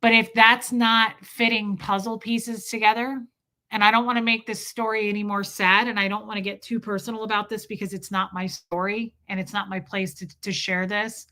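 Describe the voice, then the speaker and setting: A woman's voice: medium pitch, little pitch movement, bright, forceful tone. Woman telling a heartfelt family story. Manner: emotional, halting, with restarts. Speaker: vlogger. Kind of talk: personal storytelling.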